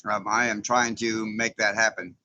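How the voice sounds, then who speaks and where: A man's voice: lowish voice, flat delivery, normal speed, bright, forceful tone, muffled recording. A man hosting a casual live stream, folksy and chatty, often chuckling as he greets viewers.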